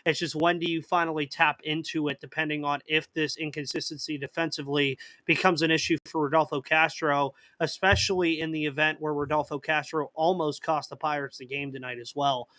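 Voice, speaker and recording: A man's voice: a little high, level tone, fairly quick, hardly any pauses, sharp tone, no room sound. A man hosting a live sports podcast in casual chat, reading out viewer comments and answering them, with a slight cough. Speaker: podcast host.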